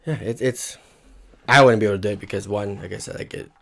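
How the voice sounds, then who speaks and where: A man's voice: on the low side, quick pace, creaky. A man co-hosting a casual podcast chat, often restarting his sentences and throwing in dry, sarcastic jokes. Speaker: podcast co-host.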